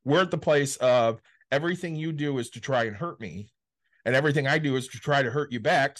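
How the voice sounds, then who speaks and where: A man's voice: medium pitch, fairly quick, fairly bright tone. A man with a Michigan accent, co-hosting a podcast in casual chat, blunt and frustrated, with heavy swearing. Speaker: podcast co-host.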